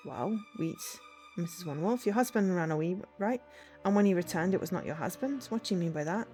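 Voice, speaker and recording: A woman's voice: fairly low pitch, animated, fairly quick, warm tone, faint music behind, natural voice. A woman voicing an authoritative male investigator who speaks in a stern, commanding way.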